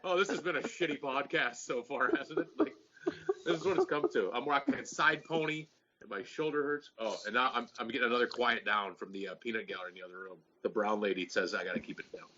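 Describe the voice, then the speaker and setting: A man's voice: medium pitch, fast, bright, forceful tone, dull audio. A man hosting a casual podcast chat, profane and rambling, often laughing. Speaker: podcast host.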